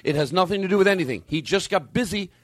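Middle-aged male podcast host, exasperated comic ranter, lively swooping delivery, dry close mic. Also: sits high, quick pace, dry recording. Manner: animated, exasperated, swears, lots of restarts. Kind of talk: comedic podcast rant.

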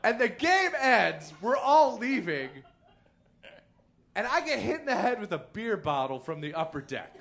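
Man, Chicago area, animated comic storyteller, self-deprecating, expressive pitch. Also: a little slow, gravelly. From Chicago area, Illinois. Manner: animated, self-deprecating, laughs through his stories. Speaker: comedian guest. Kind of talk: live podcast storytelling. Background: loud noises from a neighboring bowling alley.

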